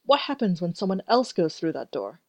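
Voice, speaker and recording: A woman narrating a first-person story in an even, measured way. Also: fairly low pitch, no room sound. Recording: dry, dull lo-fi recording.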